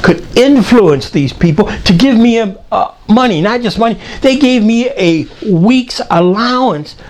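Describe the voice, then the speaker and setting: Animated older man telling a story. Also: high-pitched, unhurried. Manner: animated, acts out voices in anecdotes. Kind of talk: personal storytelling talk.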